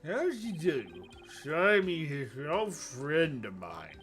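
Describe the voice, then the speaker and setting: A man's voice: a little high, very animated, takes it slowly, a bit bright, soft background music, exaggerated voice. A man voicing a rude, drunken male noodle chef, with a slurred drunk voice.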